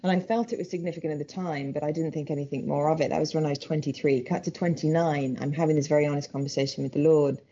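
A British woman, a guest, sharing a personal faith story in an earnest way, with soft laughs. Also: sits low, steady tone, quick pace, few pauses, breathy edge, highs cut off.

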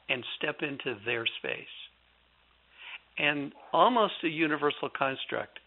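A man who is an author being interviewed on a radio show, speaking reflectively with halting restarts over a phone line. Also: mid-range voice, gravelly. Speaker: guest author.

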